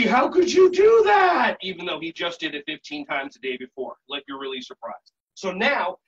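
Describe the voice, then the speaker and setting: Upbeat high-voiced man leading warm-ups. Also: slightly rough, recorded from a distance, highs cut off. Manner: upbeat, jokey, coaching the audience through breaths. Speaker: movement and relaxation instructor. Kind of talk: leading a live group warm-up. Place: conference session room.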